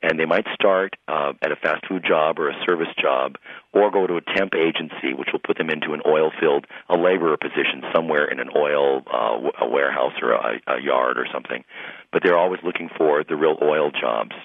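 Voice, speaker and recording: A man who is a pastor, telling stories in a radio interview with lively retelling of conversations. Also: a bass voice, fairly quick, gravelly, no echo. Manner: animated storyteller, acts out quoted voices. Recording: tinny phone-line sound.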